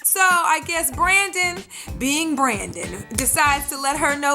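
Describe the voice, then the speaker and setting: A woman's voice: high voice, slow, music in the background. A woman casually recapping a reality show episode in a brash, sassy, profane way, acting out the cast's lines. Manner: brash, sassy, swearing, acts out quotes.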